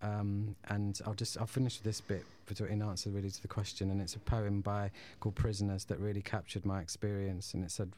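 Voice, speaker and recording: A man speaking as a guest in a radio studio, in a low voice with a flat, steady tone. He talks hesitantly, pausing with ums and restarting sentences. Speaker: guest, former prisoner. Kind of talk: radio interview, personal story.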